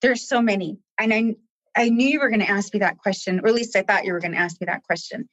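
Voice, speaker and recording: A woman's voice: mid-range voice, fast talker, fairly bright tone, no room sound, highs cut off. A woman who talks with staff at a coaching office, telling stories in an earnest, heartfelt way and close to tears. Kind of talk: emotional conversational interview.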